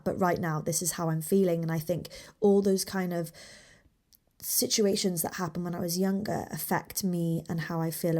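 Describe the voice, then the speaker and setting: Woman, 20s, solo podcast host; low-pitched, candid and heartfelt, drops into soft whispers. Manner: open and heartfelt, with many restarts and soft whispered asides. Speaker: podcast host, small business owner.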